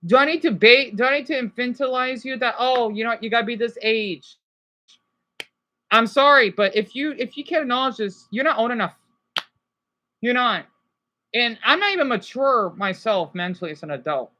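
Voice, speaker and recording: A woman from Arizona with an American accent, voice sitting a bit high, rants on a livestream. She rambles, doubles back and keeps punching her points with "okay?". The sound comes from a simple home mic setup. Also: normal speed, pushed and bright. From Arizona, USA. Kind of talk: ranting livestream monologue. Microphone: basic home setup.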